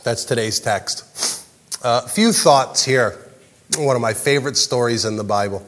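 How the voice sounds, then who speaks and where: A man preaching a sermon as pastor, animated and jokey, acting out the characters' lines. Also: medium pitch, measured pace, big-room sound. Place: large church hall.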